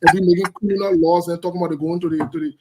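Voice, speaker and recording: A man's voice: sits high, steady tone, rapid-fire, heavy background noise. A man giving heated, blunt political commentary, repeating his points emphatically.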